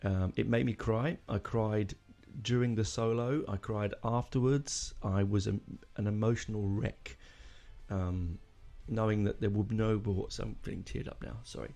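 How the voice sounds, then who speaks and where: A man's voice: lowish voice, steady tone, unhurried, vocal fry, mellow. A man hosting a casual music podcast, rambling and emotional, with lots of fillers and restarts. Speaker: podcast host.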